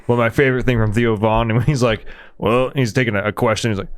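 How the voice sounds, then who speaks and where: A man's voice: mid-range voice, steady tone, quick pace, smooth. A man co-hosting a podcast in casual chat, joking and laughing as he talks. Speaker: podcast co-host.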